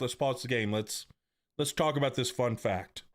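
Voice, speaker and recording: Talking at a moderate pace in a mid-range voice, this middle-aged North Carolina gamer jokes and chats casually with his live-stream viewers. He's slangy and reads their chat aloud.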